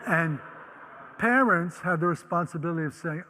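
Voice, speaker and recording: A man's voice: a little high, normal speed, fairly bright tone, in a large hall, low-quality recording. An older man from the Netherlands, a Holocaust survivor, telling his life story vividly and acting out the voices he quotes. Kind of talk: personal storytelling talk.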